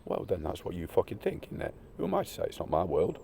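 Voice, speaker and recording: A man crying through a rambling, emotional monologue, swearing often and swinging between loud outbursts and hushed, near-whispered lines. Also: deep voice, wildly swooping pitch, fast, vocal fry, slight background noise.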